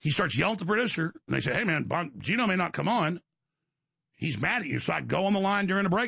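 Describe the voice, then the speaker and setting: Gravelly, high-voiced ranting man. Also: lively intonation, bright, forceful tone, dry recording. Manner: angry, rapid storytelling with repeated restarts. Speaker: talk show host. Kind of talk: ranting monologue.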